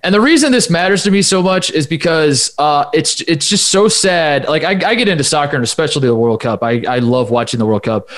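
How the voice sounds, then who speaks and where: An American man rambles through a casual sports conversation as a podcast co-host. He talks in an animated way, restarting sentences and piling on asides. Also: fairly high pitch, fairly quick, hardly any pauses.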